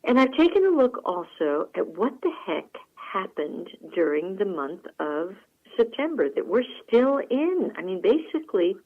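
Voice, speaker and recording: Woman, radio host, folksy chatty monologue, animated storytelling, mid pitch, muffled radio audio. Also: a little slow.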